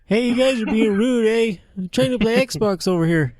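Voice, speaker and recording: A man's voice: level tone, rapid-fire, darkish tone, smooth, no echo, natural voice. A man putting on a whiny, indignant caricature of a Canadian gamer, tagging his complaints with "eh". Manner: high whiny outbursts ending in "eh". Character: squeaky put-on Canadian guy, indignant gamer. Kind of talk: comedic impression in podcast banter.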